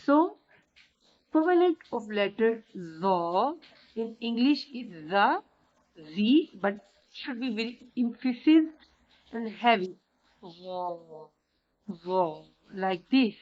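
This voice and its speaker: Slow-speaking teacher woman, lo-fi sound. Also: a little high, lively intonation. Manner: repeats key words and demonstrates sounds. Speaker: Arabic teacher. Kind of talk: slow explanatory lesson. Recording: dull lo-fi recording.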